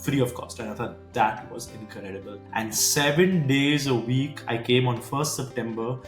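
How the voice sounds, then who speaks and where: Lively young man from India, storytelling. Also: medium pitch, normal speed, echoey room, faint music behind. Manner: lively, acts out other people's voices in his anecdotes. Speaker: guest. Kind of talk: animated storytelling in an interview.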